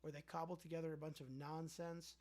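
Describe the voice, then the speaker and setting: A man's voice: a little high, level tone, brisk, darkish tone. Sarcastic man chatting on a livestream. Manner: sarcastic, rambling. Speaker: livestream host. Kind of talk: casual livestream chat, answering viewer comments.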